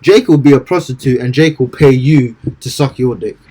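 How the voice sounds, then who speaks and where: A man preaching in casual, everyday speech, breaking into slow, measured scripture reading. He stumbles and repeats words as he goes, with a voice at an ordinary middle pitch for a man. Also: mellow, breathy edge. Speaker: street preacher.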